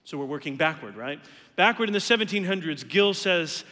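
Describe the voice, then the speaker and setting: A man's voice: on the high side, expressive, a little fast, pushed and bright, big-room sound. A man preaching a sermon earnestly, his voice climbing emphatically on key words. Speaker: pastor.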